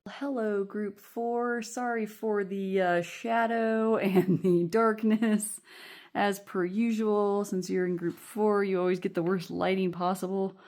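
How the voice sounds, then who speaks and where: A woman's voice: mid-range voice, fairly even intonation, slow pace, a little mellow. A woman giving a casual pick-a-card tarot reading at home, chatty and reassuring, often checking in with "okay?" and laughing as she talks, recorded on a phone. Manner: laughs often while talking. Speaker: tarot reader. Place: home room. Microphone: phone camera.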